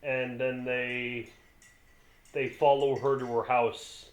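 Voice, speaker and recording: A man's voice: medium pitch, flat delivery, slow. A man co-hosting a podcast, chatting casually and adding plot details to a movie recap. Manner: laid-back, chiming in with plot details. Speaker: podcast co-host. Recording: echoey room.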